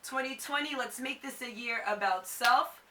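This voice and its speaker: Woman, twenties, high bright voice, echoey room, slightly off mic, chatty vlog. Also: normal speed, far from the mic, heavy background noise. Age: 20s. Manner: chatty, fills with "like". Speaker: vlogger. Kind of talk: casual chat to camera.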